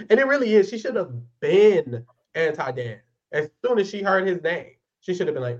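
A man's voice: sits high, sing-song, brisk, lo-fi sound. A man co-hosting a podcast, recapping a reality show in casual chat, blunt and profane with sassy asides. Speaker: podcast co-host.

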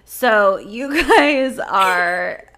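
A woman's voice: medium pitch, extremely slow. A woman co-hosting a podcast over a video call, chatting casually and swearing now and then. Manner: chatty, animated. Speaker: podcast co-host. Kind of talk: casual chat.

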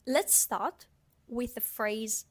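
A woman teaches on a casual podcast, taking her time over each word. She speaks slowly and sounds each word out carefully, then repeats it. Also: a little high. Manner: explains patiently, says the Greek words slowly and repeats them. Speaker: language teacher, podcast co-host. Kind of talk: casual language lesson.

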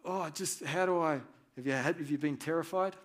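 A man preaching a sermon, reading scripture aloud and swinging between hushed and loud, animated delivery. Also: a little high, fairly quick. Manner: reads scripture aloud with feeling.

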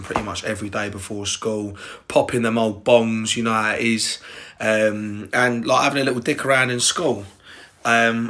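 Young English man, podcast host, bright tense tone, loose rambling delivery with frequent swearing. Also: mid-range voice. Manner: rambling, sweary, direct address to listeners. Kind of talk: casual personal storytelling.

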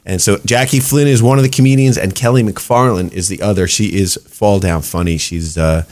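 A man's voice: fairly low pitch, steady tone, darkish tone. A man, chatting as a guest on a radio show about a comedy festival he produces. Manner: chatty, puts on quick voices in anecdotes. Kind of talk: casual radio chat.

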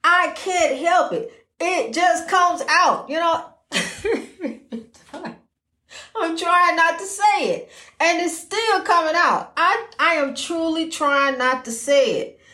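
Speaking slowly in an extremely high, sharp voice, a female podcast host shares casual inspirational talk rooted in faith. She rambles folksily with plenty of "you know," and the recording sounds roomy.

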